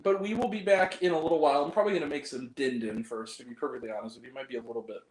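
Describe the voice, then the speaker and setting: A man's voice: medium pitch, fairly even intonation, very fast, roomy sound, a little hiss or hum, rough recording. A young man hosting a casual movie review chat, rambling, laughing often and cracking crude jokes.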